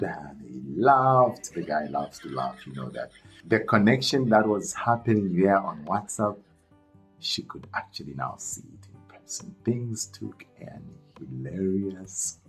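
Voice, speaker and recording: Deep-voiced male storyteller, chatty and animated, soft music under him. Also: slow, low-quality recording. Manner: animated, chatty, addresses viewers as guys. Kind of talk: storytime narration.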